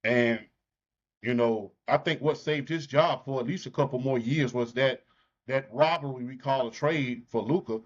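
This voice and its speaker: A man's voice: medium pitch, moderate pace. A man with a Southern US accent talking sports on a podcast, blunt and jokey. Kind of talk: casual sports talk. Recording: muffled lo-fi audio.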